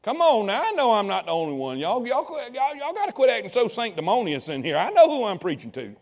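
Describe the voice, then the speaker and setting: A man preaching a sermon, calling out to the congregation and swinging between quiet asides and loud appeals. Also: high voice, wildly swooping pitch, fast talker. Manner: call-and-response preaching to congregation.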